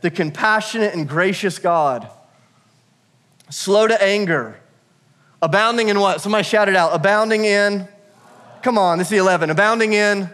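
High-voiced energetic male pastor. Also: moderate pace, pauses often. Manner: energetic, humorous, calls out to the congregation. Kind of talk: sermon.

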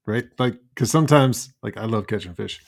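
A man hosting a casual podcast interview, talking in a relaxed, low-key way with musing asides. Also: normal speed, vocal fry. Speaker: podcast host.

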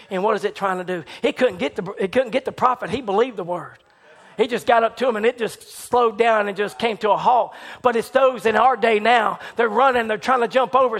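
During a sermon, a man retells a story dramatically. His delivery climbs to excited shouts, then sinks into hushed, low passages.

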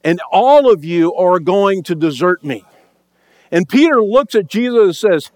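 A man's voice: high voice, expressive, unhurried, dry recording. A man preaching a sermon as pastor, telling a story and acting out the lines of the people in it. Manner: storytelling, acts out quoted lines in raised voice.

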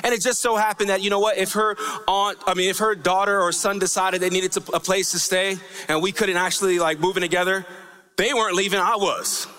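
A man with a high, bright, forceful voice preaches a sermon in a church. He keeps it conversational, tossing in "right?" to the congregation, and lets key lines lift into a lilting, sing-song cadence. His voice rings out with the long reverb of a large hall. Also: steady tone, brisk, clean tone. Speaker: pastor.

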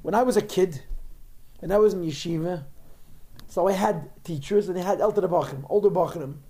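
A man's voice: sits high, brisk, warm tone. A man teaching a religious text, explaining in a digressive way with frequent repeated words. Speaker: Torah teacher.

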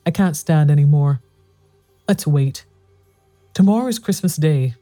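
A narrator voicing a weary, unhappy husband who answers quietly and steadily. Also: mid-range voice, expressive, a little slow, soft background music, lightly acted. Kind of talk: audiobook dialogue reading.

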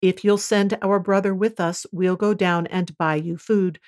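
A woman reading the lines of an earnest grown son pleading with his father in a scripture reading, in a solemn, measured way. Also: mid-range voice, steady tone, a little mellow, lightly acted.

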